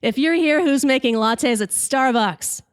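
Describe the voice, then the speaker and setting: Woman doing her witty man, easygoing then sharp, dry close mic. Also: sits high, measured pace, clean tone, no room sound, voice pushed up. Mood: heckling back. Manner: calm, then cutting comebacks. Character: her supportive boyfriend, quick-witted man.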